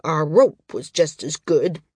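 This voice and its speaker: A woman's voice: low-pitched, expressive, slow, a little mellow, slightly rough, no echo, studio quality, full character voice. Woman doing Arak, a sneering little man. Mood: dismissive. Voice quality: snapping, sneering delivery. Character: small arrogant older male flyer, petty and sneering.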